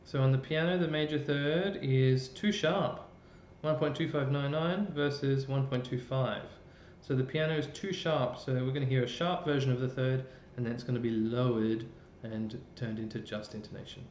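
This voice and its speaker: A man's voice: fairly even intonation, normal speed, hardly any pauses, darkish tone. A man with an Australian accent presenting a casual live-stream music lesson, chatty, with plenty of fillers and restarts. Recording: roomy dull live-stream audio with faint rumble.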